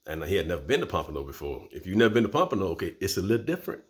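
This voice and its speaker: A man's voice: low-pitched, rapid-fire. A man, telling a personal story as host and acting out voices. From Florida, USA. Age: 50s. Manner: animated, acts out voices.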